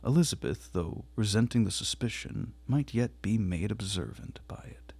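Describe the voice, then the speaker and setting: A man reading a classic novel aloud in a measured, quiet way, with a gravelly, husky voice. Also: on the low side, expressive, dry recording. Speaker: audiobook reader.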